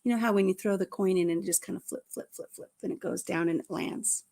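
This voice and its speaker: A middle-aged woman hosting a casual chat, telling a family story in an animated way and acting out the voices. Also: mid-range voice, fast, gravelly. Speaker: host.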